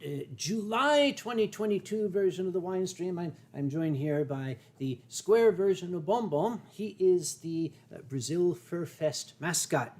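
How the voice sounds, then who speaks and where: This older livestream host from the United States has a high, slightly mellow voice, speaking a little slowly with hardly any pauses. Over wine he chats casually, rambling and joking through lots of fillers and restarts.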